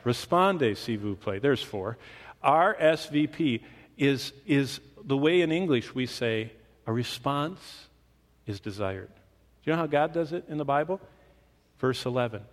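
A man preaching a sermon to a congregation, animated, with his pace and volume shifting for emphasis. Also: medium pitch, a little slow. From Michigan. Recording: long reverb of a hall.

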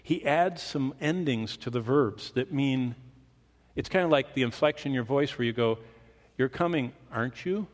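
Guy preaching in a big church, medium pitched, voice rings around the hall. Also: moderate pace. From Michigan. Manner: animated, shifts pace and volume for emphasis. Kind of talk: sermon. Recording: long reverb of a hall.

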